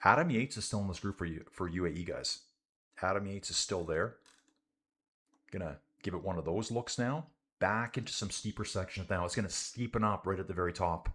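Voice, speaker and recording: Speaking briskly in a lowish voice with a fairly bright tone, a young man livestreams his commentary on a bike race. He follows the riders, reads out comments, and keeps things loose, addressing viewers as guys and dude.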